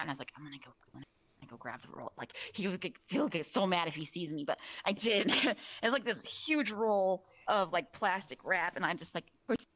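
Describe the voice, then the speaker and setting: A young woman chatting late at night with a friend, tipsy and rambling through a story with endless "like"s and fillers. Her voice is bright and lively, and she gets animated as she tells it. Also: fairly low pitch. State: drunk. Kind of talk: casual chat.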